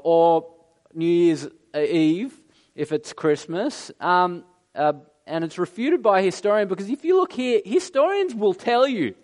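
A man preaching a sermon, slow and emphatic, rising in pitch and volume for dramatic lines. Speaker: pastor.

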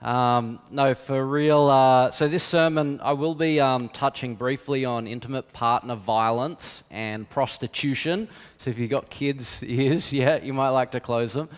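A middle-aged pastor preaches a sermon, telling stories in a candid, conversational way with self-deprecating humour. His mid-range voice is smooth and a little slow. The hall adds a long reverb to the recording.

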